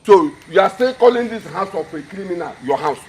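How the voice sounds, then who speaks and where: A man's voice: high-pitched, animated, brisk, husky. An actor playing a scornful, scheming relative with a Nigerian accent, mocking and ordering her out. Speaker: relative urging her to leave. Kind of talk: Nollywood film acting.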